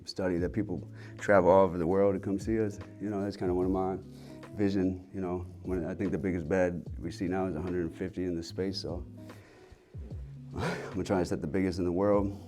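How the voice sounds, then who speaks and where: A man's voice: deep voice, level tone, fairly quick, mellow, soft background music. A man in his thirties, a health center owner, candidly telling his personal story in a rambling way, with lots of fillers and casual swearing.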